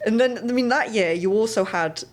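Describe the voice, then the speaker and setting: A woman hosting a casual interview, encouraging and quick to laugh. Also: fairly high pitch. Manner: encouraging, laughs often, many fillers. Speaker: podcast host.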